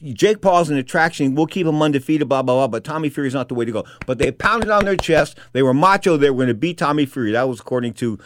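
A man's voice: medium pitch, animated. A man hosting boxing talk radio, rambling through stories and fight results with frequent asides. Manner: fast rambling asides, many "of course" and "anyway". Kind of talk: casual talk radio monologue.

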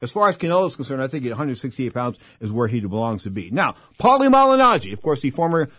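A man's voice: medium pitch, sing-song, quick pace, fairly bright tone, breathy edge, no room sound, studio quality. An older man hosting a boxing talk radio show, rambling through stories and repeating his catchphrases. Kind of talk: casual talk radio monologue.

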